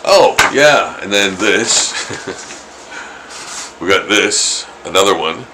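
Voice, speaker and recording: A man's voice: sits low, lively intonation, takes it slowly, background noise. A middle-aged man chatting casually while he draws, rambling and chuckling, with lots of fillers and restarts. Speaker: artist streaming his drawing. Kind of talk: casual chat while drawing.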